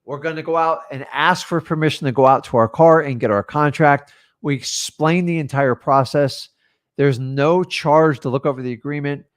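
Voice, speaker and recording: A man's voice: fairly high pitch, normal speed. A man coaching a class on real estate deals, talking in punchy, direct bursts and acting out sample lines with sellers. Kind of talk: live training talk.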